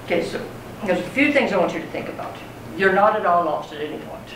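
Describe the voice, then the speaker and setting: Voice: mid-range voice, animated, fast. Poetry teacher, chatty lecture style, distant mic in a reverberant classroom. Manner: conversational, checks in with students. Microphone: far from speaker. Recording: roomy classroom, mic far off, faint noise.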